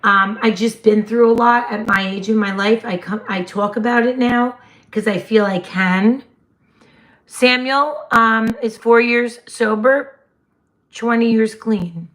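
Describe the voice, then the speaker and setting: A woman, hosting a casual livestream chat in a slightly hoarse voice and laughing often. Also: fairly high pitch, measured pace, a bit bright. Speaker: livestream host.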